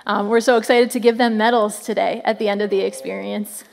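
A woman in her thirties giving an animated children's ministry sermon to families, often calling out "come on" to the crowd. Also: medium pitch, a little fast, gravelly, a little hiss or hum.

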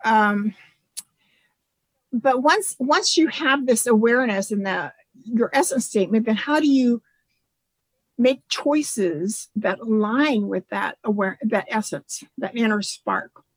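A woman author speaking as a guest in an interview, reflective and halting, often restarting her sentences. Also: on the high side, breathy edge, dry recording, poor audio. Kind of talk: casual interview conversation.

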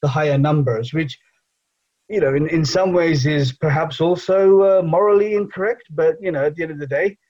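Rambling English man, slightly high voice. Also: brisk, darkish tone, muffled recording. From England. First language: Bengali. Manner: rambling, many fillers and "you know". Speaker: guest, engineering professor and charity founder. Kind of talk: casual conversational interview.

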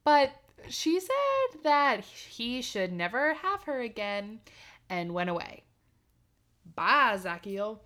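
Slow, lively-voiced woman reading a fairy tale. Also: high voice. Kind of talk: casual reading with banter.

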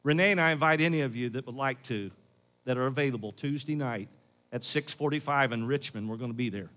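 A man's voice: medium pitch, fast, a bit bright. Preaching man with a drawl. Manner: preaching with rising emphasis, pleading questions. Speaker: pastor. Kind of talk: sermon. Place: church.

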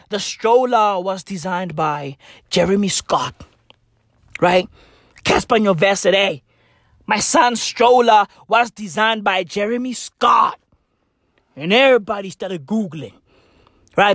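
A South African man delivering a profane comedic rant straight to camera, animated and bursting into shouts. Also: high-pitched, no room sound, clean studio sound.

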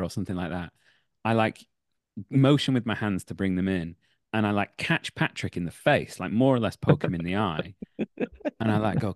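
A young man with a Manchester accent, an actor and acting teacher, telling animated backstage anecdotes in a casual interview and laughing as he goes. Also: deep voice, moderate pace, no room sound, clean studio sound. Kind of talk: casual podcast interview, storytelling.

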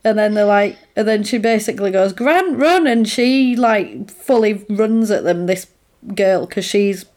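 A woman's voice: mid-range voice, steady tone, a little slow, darkish tone. Chatty woman recapping a film. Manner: chatty, retells scenes with acted-out quotes and laughs. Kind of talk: casual chat recapping a film.

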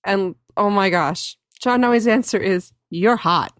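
A woman's voice: medium pitch, a little slow, dry recording, studio quality. A woman co-hosting a podcast and running a trivia game, giggly and teasing in casual chat.

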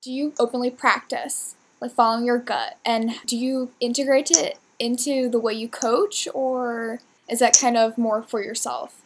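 A woman's voice: a little high, fairly even intonation, normal speed, faint music behind. A woman hosting a podcast, affirming her guest and asking long, winding questions. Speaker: podcast host. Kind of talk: podcast interview.

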